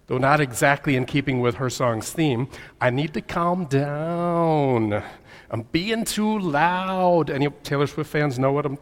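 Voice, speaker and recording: Man, pastor, lighthearted sermon, banters with the congregation, roomy hall reverb. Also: mid-range voice. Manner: jokey, chatty, talks with the audience. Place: church hall. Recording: echoey church hall with long reverb.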